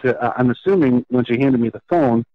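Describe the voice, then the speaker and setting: A man earnestly telling his own life story as a podcast guest, halting and restarting as he goes. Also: mid-range voice, no room sound. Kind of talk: personal storytelling in an interview. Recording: slightly muffled, dull lo-fi sound.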